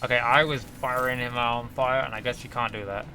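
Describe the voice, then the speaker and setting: A man streams himself playing a video game and talks through it casually. He yelps and cheers at each hit and miss. Game music plays loudly behind his voice. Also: mid-range voice, brisk. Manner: excitable, shouts and exclaims at the game. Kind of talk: casual gameplay commentary.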